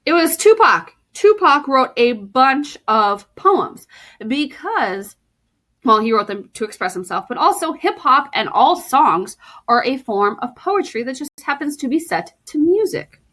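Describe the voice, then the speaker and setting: A woman teacher giving a recorded lesson to her students, playful and warm, reading poems aloud and explaining them. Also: high voice.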